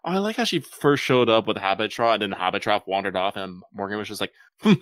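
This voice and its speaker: A man's voice: on the low side, quick pace, fairly bright tone, no room sound. A man co-hosting a casual podcast, laid-back and joking, who swears casually.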